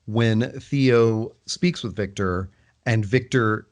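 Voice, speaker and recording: A man co-hosting a podcast, talking casually and thoughtfully, often pausing and restarting his sentences. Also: lowish voice. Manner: thoughtful, hesitant, many fillers and restarts. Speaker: podcast co-host. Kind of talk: casual book club discussion.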